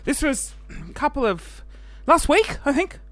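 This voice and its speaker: A man hosting a casual solo podcast, out of breath after the gym, animated and self-mocking, sometimes dropping into a whisper. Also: very high-pitched, unhurried. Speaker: podcast host.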